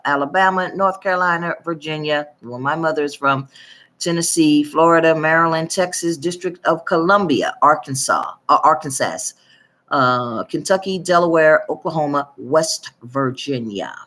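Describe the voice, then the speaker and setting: A woman's voice: low-pitched, fairly bright tone. A woman from the northern United States talks on her own channel, reading population figures aloud in a casual monologue. She wanders a little, trips over words, and corrects herself without fuss. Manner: rambling, with fillers and self-corrections. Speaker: YouTube commentator.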